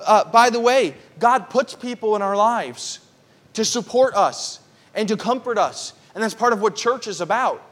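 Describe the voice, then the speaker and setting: A pastor preaching an earnest, conversational Bible-teaching sermon at a church prayer service, stressing points by repeating them. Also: male voice, sits high.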